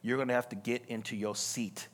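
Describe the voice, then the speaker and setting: A man preaching a sermon, telling a story with lively acted-out voices and calling out to the congregation. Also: medium pitch, brisk. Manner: animated storytelling, acts out voices, laughs, calls to congregation. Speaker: pastor.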